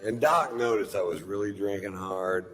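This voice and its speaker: A man's voice: on the low side, normal speed, long reverb tail. A man doing stand-up, telling a long anecdote in a laid-back, profane storytelling manner on stage. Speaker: stand-up comedian. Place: comedy stage before a live audience. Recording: live show with steady background noise.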